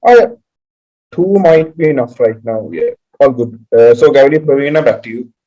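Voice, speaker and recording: A young man, organizing an online session and talking in a relaxed, unhurried, reassuring way. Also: medium pitch. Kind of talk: casual meeting talk. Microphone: video call. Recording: dull lo-fi video call audio.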